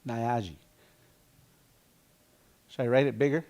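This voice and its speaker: A male teacher leads a classroom language lesson at an unhurried pace. He repeats words over and over and breaks them into syllables for his students, in a slightly high voice. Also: animated.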